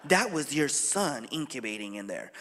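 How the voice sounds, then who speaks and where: A man preaching a sermon as a pastor, telling stories in a quick, halting way full of restarts. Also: medium pitch, sing-song, sharp tone, long reverb tail. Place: church sanctuary.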